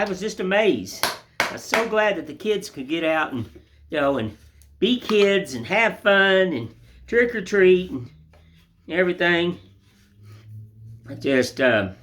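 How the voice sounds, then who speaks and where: A man with a drawl rambles along in a folksy, friendly way with a slightly high voice. He talks while he works in a home workshop. Loud chisel and mallet knocks sound under every few words. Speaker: woodcarver. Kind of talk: casual chat while carving. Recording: loud workshop tool noise.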